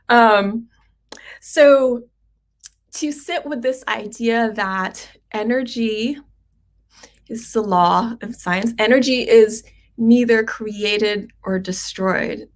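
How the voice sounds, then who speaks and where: A middle-aged woman physician hosts a livestream, speaking gently and reflectively with plenty of pauses and no hurry. Her pitch is fairly high.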